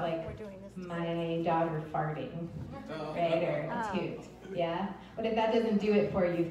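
A woman teaching the Alexander Technique, gently and encouragingly guiding a group through an exercise step by step. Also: mid-range voice. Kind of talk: guided group exercise instruction. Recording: roomy distant mic with faint noise.

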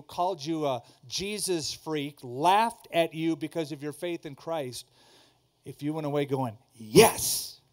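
A pastor preaching to a congregation, emphatic, repeating key lines and asking the audience questions. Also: male voice, fairly high pitch. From Southern California. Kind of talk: sermon. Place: church before a congregation.

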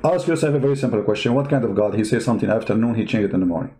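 A man's voice: lowish voice, expressive, rapid-fire, warm tone. A man giving mocking, emphatic commentary on video clips as a show host.

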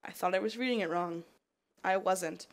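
This Canadian woman speaks at a moderate pace with a fairly low pitch, chatting casually and rambling, "like" after "like," while she streams a modded block game. The stream is noisy, with clicking mouse sounds.

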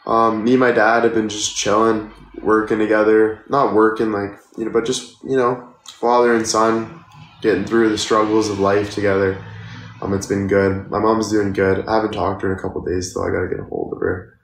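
A man's voice: on the low side, level tone, normal speed, echoey room. A young man in his twenties, chatting casually on a live stream and thanking viewers for gifts, tired and sore. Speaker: livestreamer.

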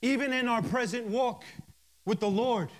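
A male minister preaching a sermon, reading scripture verse by verse with emphatic pauses and fervent interjections of hallelujah and praise. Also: very high voice.

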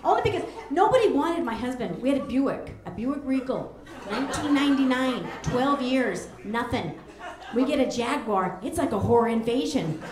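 A woman's voice: high-pitched, animated, normal speed, noisy background. A woman in her forties doing a brash, rambling stand-up set, jumping into squealing voices, on a comedy club stage with a handheld mic. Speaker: stand-up comic. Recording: echoey club room with audience laughter.

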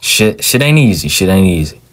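A man voicing a boastful middle-aged father in prison, talking in old-school slang in an amateur animated role-play. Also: deep voice, normal speed.

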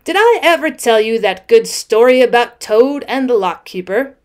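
A friendly, gossipy male otter from a storybook, drawling his words in a chummy manner as a woman acts him out. The voice sits fairly high. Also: animated, moderate pace, natural voice.

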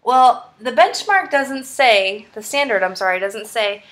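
A woman's voice: a little high, animated, measured pace, a bit bright. A young woman, a third-grade math teacher, walking through problems step by step in an upbeat, encouraging way. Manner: upbeat, encouraging, walks through steps aloud. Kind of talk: screen-recorded math tutorial.

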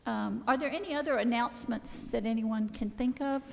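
A woman worship leader welcomes the congregation and runs through announcements, loose and chatty, with "uh"s and restarts. Her voice is loud and a little high. It rings out with a long reverb in the church sanctuary. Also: fairly quick, vocal fry. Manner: informal, chatty, with fillers and restarts.

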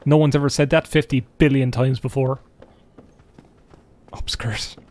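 His voice is medium-pitched and dark, delivered flatly and briskly. He's a young Irish man streaming a game on his own from his room, joking and wandering off topic with his chat as he plays.

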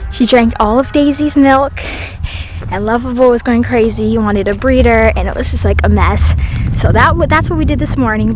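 A woman's voice: sits high, slight background noise. Bubbly Texan woman, farm vlog. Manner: bubbly, says y'all constantly. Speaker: homestead vlogger. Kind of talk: casual chat to camera. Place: outdoors on a farm.

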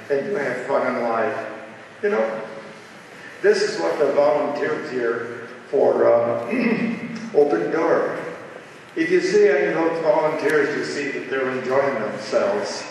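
A man in his seventies from Ohio, telling folksy stories at a charity fundraiser in a halting, rambling way with many filler sounds. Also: medium pitch, a little hiss or hum. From Ohio, USA. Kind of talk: folksy personal storytelling. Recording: echoey hall, distant mic.

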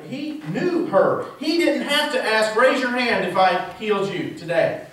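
A man's voice: high voice, expressive, unhurried, a bit bright, a little hiss or hum. A male pastor preaching a sermon in a church, asking the congregation rhetorical questions. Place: church sanctuary. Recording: very echoey church heard from a distance.

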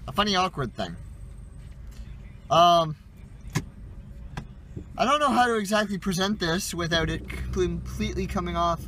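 A young man vlogging casually and telling a funny story with animated, self-deprecating energy. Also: high-pitched, noisy background.

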